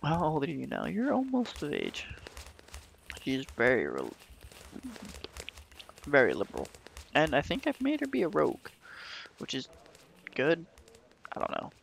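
A man's voice: on the high side, huge pitch swings, a little slow, vocal fry, long pauses, fairly bright tone, slight background noise. A man giving goofy, rambling commentary over a game he is playing, full of jokey asides. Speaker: let's play gamer. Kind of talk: casual gameplay commentary. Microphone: desktop microphone.

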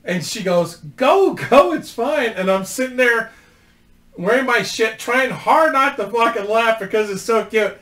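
A man's voice: high-pitched, fairly bright tone, reverberant. A man hosting his own channel, telling a casual story to camera in a rambling, profane way and laughing through it. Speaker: YouTube host.

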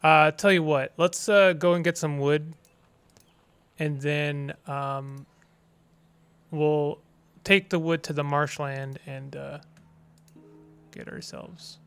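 An unhurried gaming streamer with a mid-range voice talks through a let's play. They are playful and exasperated by turns, with loud dramatic outbursts, goofy invented words and quiet muttered asides. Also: medium pitch, steady tone, vocal fry, clear, resonant tone.

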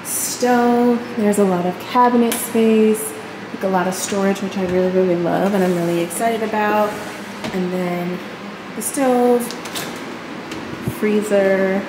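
Excitable young woman in an echoey empty apartment. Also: medium pitch, a little slow. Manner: gushing, excitable, repeats phrases. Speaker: vlogger. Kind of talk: casual vlog tour. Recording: echoey empty rooms, air conditioner hum.

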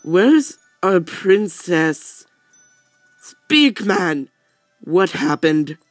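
A man's voice: high-pitched, very animated, extremely slow, no room sound, faint music behind, heavily acted. A man voicing a stately pillow prince from a video game who speaks in grand, archaic phrasing. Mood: grandiose.

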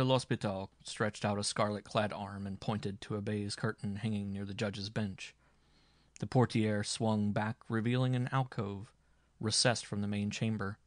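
A man narrating an audiobook in a measured, dramatic reading. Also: lowish voice, little pitch movement, no echo, studio quality. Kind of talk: scripted narration.

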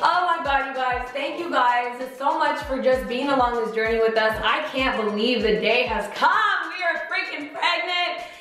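A woman's voice: high-pitched, normal speed, fairly bright tone. Tearful, giggly young woman in an echoey room. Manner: emotional, laughing through tears. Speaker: vlogger. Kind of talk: casual chat to camera. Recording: echoey room with music behind.

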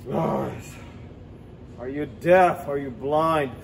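A man's voice: a little high, drawn-out words, vocal fry, slight background noise, heavily acted, rough recording. A man voicing a drunk, sleepy male vampire count who grumbles and protests theatrically, on a city street outdoors. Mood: drunk irritated.

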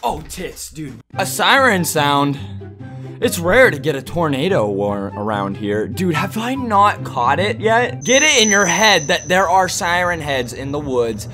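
A woman doing goofy, shouty commentary while playing a horror game. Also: lowish voice, big pitch swings, a little slow. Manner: hyper, shouty, joking. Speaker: gaming YouTuber. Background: background music.

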